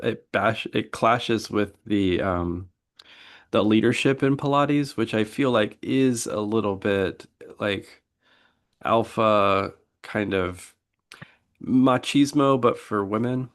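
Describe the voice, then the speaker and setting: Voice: medium pitch, takes it slowly. A podcast co-host in casual chat, reacting with short, easygoing remarks.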